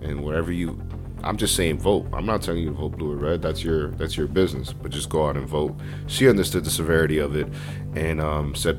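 A man's voice: rumbling low, fast, over music. A man co-hosting a casual podcast chat, joking bluntly and swearing freely. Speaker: podcast co-host.

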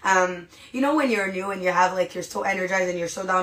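Energetic woman giving a motivational talk. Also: medium pitch, a little fast, few pauses, a little hiss or hum. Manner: energetic, casual, peppered with "right?" and "you guys". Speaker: podcast host. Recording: echoey room.

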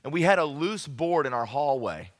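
A man preaching at a youth camp, telling a funny story from his childhood with lively, folksy emphasis. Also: a little high, normal speed. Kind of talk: evangelistic sermon with humorous storytelling. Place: large camp meeting room. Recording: long hall reverb.

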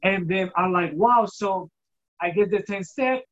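A guest giving an emotional personal testimony, halting and repeating words for emphasis, acting out remembered dialogue. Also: a bit bright, muffled recording. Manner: acts out quoted dialogue with shifting pitch. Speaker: guest telling a personal story.

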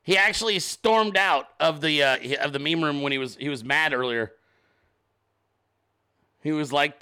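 Man, show host, high-pitched, loose and profane, rambling jokes. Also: animated, moderate pace, long pauses, pushed and bright. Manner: reads sponsor ads informally. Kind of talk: casual live-stream commentary.

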